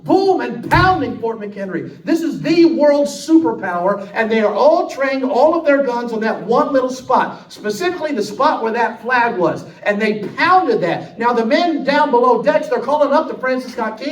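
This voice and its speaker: Brief: male preacher, high-pitched, dramatic sermon storytelling, echoey and distant. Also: lively intonation, moderate pace. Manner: dramatic, swinging from loud, high and emphatic to low and hushed. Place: church sanctuary.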